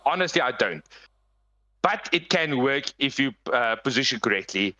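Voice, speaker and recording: Man, live esports commentary, headset mic, analytical, lively swings, bright tone. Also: mid-range voice, normal speed. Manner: analytical, gets excitable in big plays.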